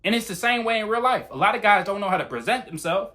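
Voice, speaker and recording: A young man talking fast and bluntly, with plenty of swearing, in a casual monologue giving dating advice on his channel. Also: high voice, animated, sharp tone. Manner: blunt, profane, talks fast.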